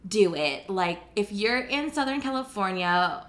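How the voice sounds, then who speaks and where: A woman's voice: mid-range voice, animated, a little slow. A young woman hosting a casual podcast chat, earnest and heartfelt, often laughing. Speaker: podcast host.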